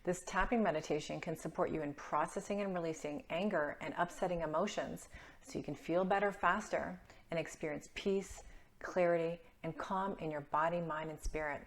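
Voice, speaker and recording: This is a woman with a slightly low, steady voice, guiding a tapping meditation. She speaks calmly and warmly to the listener. She slows right down on the lines meant to be repeated aloud. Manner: calm, gentle and encouraging, slowing down for statements to repeat. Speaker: wellness coach leading a tapping meditation. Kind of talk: guided meditation instruction.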